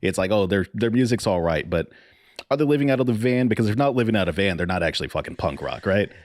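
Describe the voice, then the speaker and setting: Laid-back low-voiced man, dry recording. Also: animated, quick pace, a little mellow, no room sound. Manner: laughs often, swears casually, repeats words when starting. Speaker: podcast co-host. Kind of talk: casual chat.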